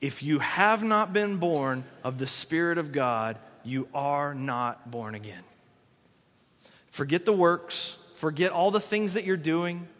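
A man's voice: fairly high pitch, takes it slowly, fairly bright tone. A man preaching a conversational sermon, acting out the people he quotes. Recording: long hall reverb.

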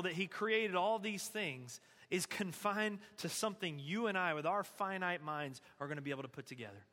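A male pastor giving a conversational, animated sermon, reading and explaining scripture. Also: high voice, moderate pace, big-room sound.

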